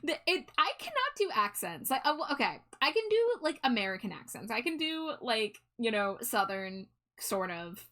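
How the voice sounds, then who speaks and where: A woman's voice: on the high side, sing-song, bright, forceful tone. A young woman streaming live, chatting casually and laughing often at herself. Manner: chatty, self-deprecating, quick to laugh. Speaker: streamer host. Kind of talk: casual chat.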